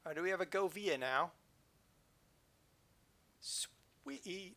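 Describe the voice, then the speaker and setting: Guy streaming a game live, kinda high voice, bright and forceful, goofing around chatting. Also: animated, slow pace, slight background noise. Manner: playful, jokey, chatty. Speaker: livestream host. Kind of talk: casual game commentary.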